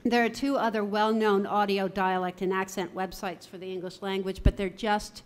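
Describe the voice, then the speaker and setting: A woman's voice: medium pitch, little pitch movement. Articulate woman giving a conference talk. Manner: measured, articulate presenting with lists. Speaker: theatre voice and dialect coach. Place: university conference room.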